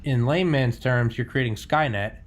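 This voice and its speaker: A man's voice: medium pitch, normal speed. A man hosting a podcast, from New England, chatting casually and rambling with jokes and swearing. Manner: rambling, joking, swears freely. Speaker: podcast host. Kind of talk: casual conversational interview. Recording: faint background noise.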